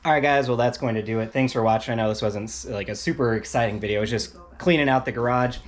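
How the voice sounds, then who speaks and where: A quick-talking man, mid-pitched and relaxed, chatting with his buddy in a home garage. There's a faint hum of noise behind him. He jokes around easily and signs off to the viewers. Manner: laid-back, joking, signs off to viewers. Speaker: co-host of a car garage channel. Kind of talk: casual chat.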